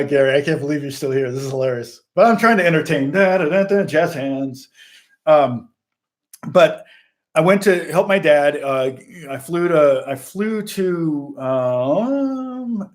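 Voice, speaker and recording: A middle-aged man, a musician and channel host, telling a long story in casual, rambling fashion, interrupting himself and laughing often. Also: medium pitch.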